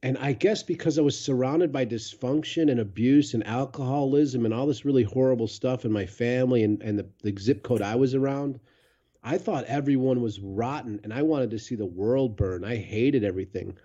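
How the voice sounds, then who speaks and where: A man's voice: mid-range voice, normal speed, dark tone, dull audio. A man from Chicago telling candid, profane stories as a podcast guest, turning reflective as he goes. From Chicago, USA. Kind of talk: casual storytelling.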